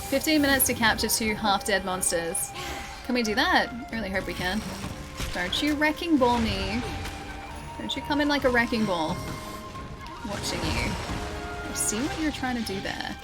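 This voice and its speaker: Australian woman streaming a game, kinda high voice, chatty and teasing, game music loud behind. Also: lively intonation, normal speed, pauses often, rough recording. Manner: chatty, coaxing and teasing the monsters. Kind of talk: casual gameplay commentary.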